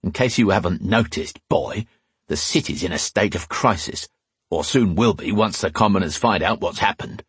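Deep raspy guy narrating a fantasy audiobook, dry close sound. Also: expressive, moderate pace, no echo.

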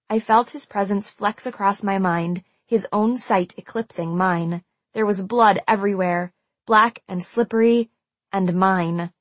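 A woman's voice: medium pitch, measured pace, no room sound. Woman narrating a tense audiobook. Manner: tense, emotional storytelling. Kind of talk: first-person audiobook narration.

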